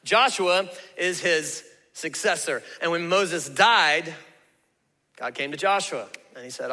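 A man's voice: on the high side, takes it slowly, sharp tone, long reverb tail. A man preaching a sermon as pastor, in a folksy, conversational way with emphatic asides.

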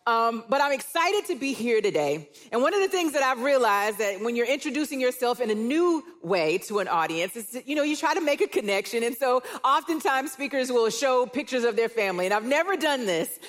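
A woman's voice: on the high side, expressive, fairly quick, hardly any pauses. A middle-aged woman, giving a conversational sermon and telling family stories with playful asides. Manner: warm storytelling with playful quoted asides. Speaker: church speaker. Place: church auditorium.

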